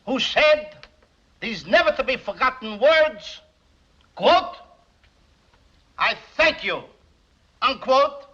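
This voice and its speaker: A man's voice: extremely high pitch, animated, slow pace, long pauses, pushed and bright, full character voice. An actor playing a flustered, stammering man making a speech, in 1940s film comedy acting on a dull, faintly noisy old film soundtrack. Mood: orating. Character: bumbling nervous American man giving a speech. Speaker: speech-giving pupil.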